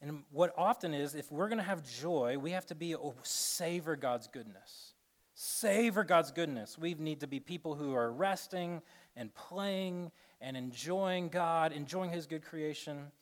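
A man preaching a sermon to a room of listeners, joking and acting out little scenes, then turning soft and earnest. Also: on the high side, moderate pace. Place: room with an audience.

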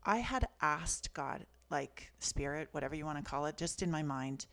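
Reflective woman with a creaky voice. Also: deep voice, expressive, normal speed. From Canada. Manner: earnest, reflective, soft-spoken. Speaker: guest, author. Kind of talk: personal storytelling in conversation.

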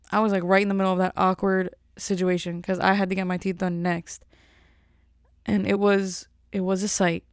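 A woman's voice: mid-range voice, a little mellow, clean tone, no room sound, studio quality. A woman in her twenties chatting casually as a host and telling funny stories with acted-out quotes. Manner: chatty storyteller, acts out quotes. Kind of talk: casual chat.

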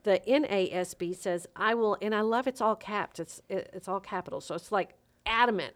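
A woman's voice: mid-range voice, normal speed, hardly any pauses. A woman co-hosting a faith podcast who reads scripture aloud with earnest, building emphasis. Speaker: podcast co-host and coach.

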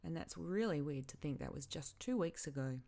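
A grieving woman talks alone into her podcast mic, her voice low and unhurried. She stops and repeats herself often as she searches for words. It is a personal, unscripted monologue. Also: animated, creaky, dark tone. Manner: halting, emotional, repeats herself. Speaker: podcast host.

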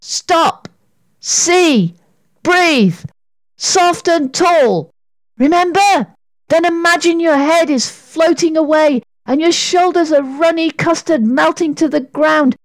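A woman voicing a bold, quick-thinking young girl in a storybook reading, urging and bossy. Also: full character voice. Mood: shouting urgently. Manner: urgent, bossy, high and excited.

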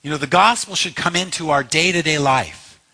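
A man's voice: a little high, normal speed, bright, forceful tone. A man preaching a sermon as pastor, impassioned and emphatic, repeating phrases for weight.

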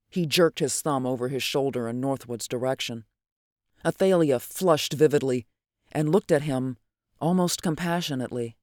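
A narrator reading a novel aloud with an even storytelling cadence. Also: mid-range voice, moderate pace, no room sound, clean studio sound. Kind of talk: audiobook narration.

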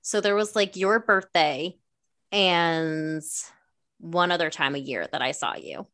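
Low-voiced woman, candid and reflective. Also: expressive, slow pace, a bit bright. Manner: candid, reflective, quotes herself often. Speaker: podcast co-host, older sister. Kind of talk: casual conversation.

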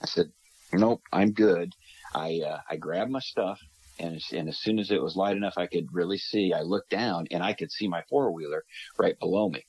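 A man from Minnesota telling a story on a podcast, talking in a lively way and acting out the voices of the people he quotes. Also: deep voice, fairly quick, breathy edge, no room sound, low-quality recording. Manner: animated, acts out quoted voices. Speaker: guest storyteller.

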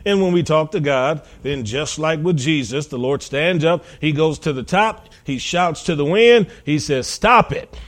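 A preacher with a fairly high voice, retelling Bible stories in a lively sermon. He acts out the voices of the people in the stories and builds to loud, emphatic peaks. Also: normal speed, hardly any pauses. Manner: storytelling, acting out voices of biblical figures.

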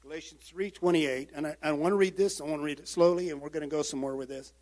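A man preaching a sermon as pastor, swinging from loud emphatic calls down to quiet, low-spoken passages. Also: fairly even intonation, fast. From United States.

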